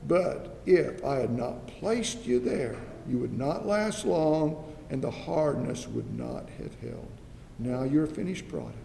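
A man voicing a calm, patient master potter who explains his work in a measured, reassuring way. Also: a little high, creaky, full character voice. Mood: gentle. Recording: echoey hall with faint noise.

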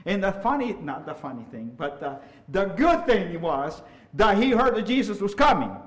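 A middle-aged man preaching a sermon, swinging from loud, impassioned hollering down to soft, quiet asides. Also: sits high, big pitch swings, moderate pace.

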